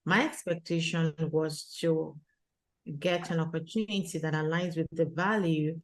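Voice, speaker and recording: Woman guest, earnest storyteller, lowish voice, peppers talk with "you know". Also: steady tone, unhurried. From abroad, immigrant to Canada. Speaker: guest, retreat organizer for women. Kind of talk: conversational interview storytelling.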